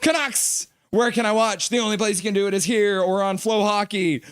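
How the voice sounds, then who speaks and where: A man hosting a live hockey reaction stream, calling the plays and reading out chat messages in an excitable way. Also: sits high, a little fast, smooth, dry recording, studio quality. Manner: excitable play-by-play, reads chat aloud.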